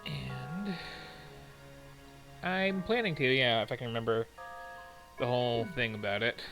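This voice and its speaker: Man, gravelly voice, game streamer, rambling wry commentary, self-deprecating, game music behind. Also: mid-range voice, unhurried, fairly bright tone, rough recording. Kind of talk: casual gameplay commentary.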